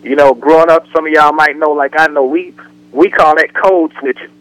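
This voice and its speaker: A man's voice: on the high side, moderate pace, dry recording, low-quality recording. A man co-hosting a casual radio talk show, telling jokes and acting out the way people talk. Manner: joking storyteller, animated impressions.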